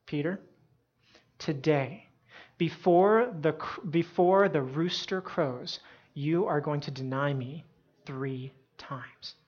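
A woman doing a calm solemn teacher. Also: low-pitched, husky, exaggerated voice. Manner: quiet and measured. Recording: dull lo-fi sound.

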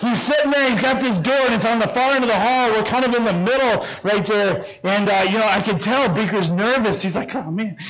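A man telling a funny personal story to an audience, animated and punctuated with sound effects like boom and whoosh. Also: a little fast, few pauses, rough recording.

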